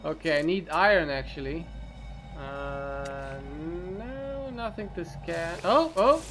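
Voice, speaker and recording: A man's voice: fairly high pitch, lively intonation, slow pace, over music. A man giving casual gameplay commentary, muttering to himself and swearing often. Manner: profane, muttering, talks to himself. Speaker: let's play commentator.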